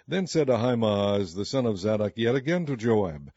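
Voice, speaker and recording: Man reading scripture in a dark voice. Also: on the low side, sing-song, moderate pace, dry recording. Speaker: scripture reader. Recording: slightly muffled recording with faint music.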